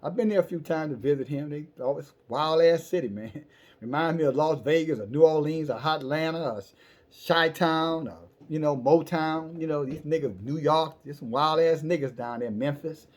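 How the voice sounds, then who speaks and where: A man's voice: on the high side, moderate pace, natural voice. A man voicing the biblical Abraham as a streetwise, profane old man who bargains and pleads. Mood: casual.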